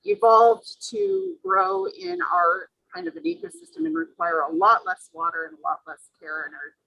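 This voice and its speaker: A woman giving halting remarks on a panel as a guest, with many pauses and fillers. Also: big pitch swings, gravelly, slightly rough, dull audio. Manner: halting, many fillers, pitch swooping widely. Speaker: guest speaker on native plants.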